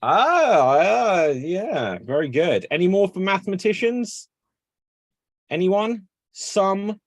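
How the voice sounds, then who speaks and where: A man's voice: sits high, big pitch swings, no echo. Brief: male improv emcee on a video call, snappy prompting, dry close sound. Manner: brisk, upbeat, auctioneer-like prompting. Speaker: improv host. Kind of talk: emceeing an online improv game.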